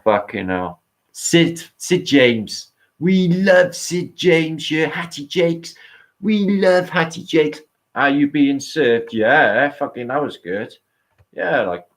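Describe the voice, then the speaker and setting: A British man chatting casually as a podcast host, rambling, swearing and laughing as he reminisces. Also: mid-range voice. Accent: British English. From Britain. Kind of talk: casual chat.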